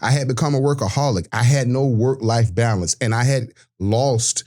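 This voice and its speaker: A man's voice: mid-range voice, normal speed, a little mellow. Earnest man in his forties. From Georgia, US. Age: 40s. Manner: earnest, reflective, with many restarts. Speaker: podcast guest, sports broadcaster. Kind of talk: candid personal storytelling.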